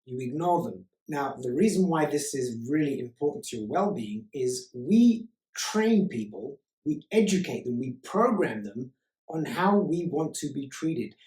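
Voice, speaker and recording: A man's voice: medium pitch, lively intonation, measured pace, darkish tone. A man speaking as a life coach in a motivational self-help talk, emphatic and repeating key words for stress. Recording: roomy echo.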